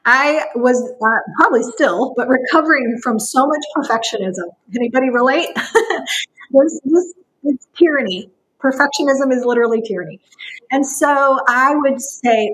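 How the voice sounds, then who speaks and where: A woman with a fairly high voice speaks as a guest on a faith podcast. Her talk is impassioned and emphatic, with frequent laughter. Her tone is expressive and sincere. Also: normal speed, poor audio. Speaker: Christian counselor as podcast guest.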